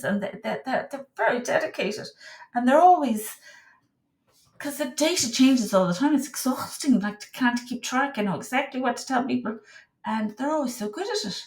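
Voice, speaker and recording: A woman talking casually on her own, rambling and emotional, her voice swinging from high outbursts to low murmured prayer. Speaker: vlogger. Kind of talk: casual monologue to camera. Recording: echoey room.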